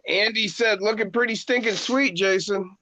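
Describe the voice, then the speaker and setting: A man's voice: high-pitched, normal speed, pushed and bright, a little hiss or hum. Joking man reading out chat. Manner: joking, reads chat comments aloud. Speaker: co-host reading viewer chat. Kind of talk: casual livestream chat. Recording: dull lo-fi sound.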